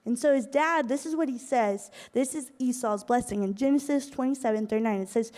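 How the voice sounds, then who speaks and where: A young woman giving a casual sermon as a youth speaker, chatty and animated with slangy asides. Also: on the high side, fairly quick, few pauses. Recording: echoey hall.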